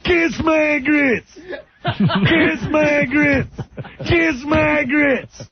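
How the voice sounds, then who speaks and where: A man impersonating a loud, cranky TV pitchman who barks complaints at a diner waitress. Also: crowd noise, exaggerated voice. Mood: shouting. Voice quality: gravelly, shouting. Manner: barking complaints, rapid rant. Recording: dull lo-fi radio recording.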